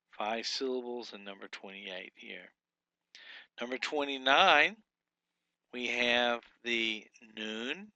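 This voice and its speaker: A man teaching a workbook lesson, talking slowly and deliberately with frequent fillers and repeated words. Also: medium pitch, pushed and bright, no echo.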